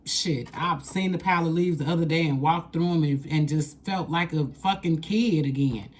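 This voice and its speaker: Low-voiced profane woman tarot reader. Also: normal speed. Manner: blunt and profane, emphatic repetition. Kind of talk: casual tarot reading.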